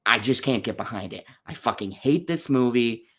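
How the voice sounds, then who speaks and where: A man's voice: mid-range voice, animated, normal speed, a bit bright. A man hosting a casual movie-review chat, ranting bluntly and profanely with frequent fillers and restarts. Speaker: channel host reviewing movies.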